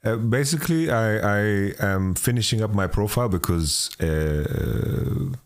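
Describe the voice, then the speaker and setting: A man hosting a casual podcast interview with a mixed international accent, halting restarts and frequent laughs, on a home studio microphone. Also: lowish voice, animated. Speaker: podcast host.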